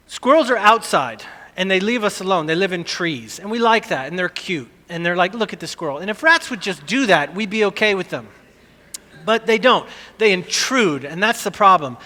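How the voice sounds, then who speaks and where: Man, middle-aged, pastor, sermon, animated storytelling, high voice, long hall reverb. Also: normal speed. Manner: animated storytelling, acting out screams.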